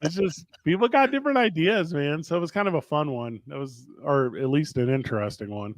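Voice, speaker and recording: A man's voice: a little high, animated, brisk, no room sound. A man in his thirties, co-host of a talk show, telling stories casually and acting out both sides of conversations with frequent laughs. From St. Louis area, Missouri. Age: 30s. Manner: chatty storyteller, acts out both sides of dialogue, laughs often. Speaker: podcast co-host and wrestling promotion co-owner. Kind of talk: casual chat.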